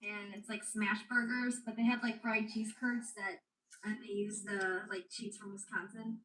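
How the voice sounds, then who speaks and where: A woman's voice: mid-range voice, little pitch movement, normal speed, sharp tone, far from the mic, a little hiss or hum. A woman guest in a casual livestream chat, speaking hesitantly and unsure of herself. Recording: roomy, from off-mic.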